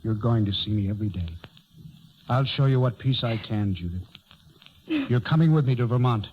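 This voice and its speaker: An actor playing a calm, tender doctor who talks in a gentle, soothing way, in a 1930s radio drama. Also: male voice, mid-range voice, normal speed, close to an everyday voice. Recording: muffled, faintly noisy old broadcast.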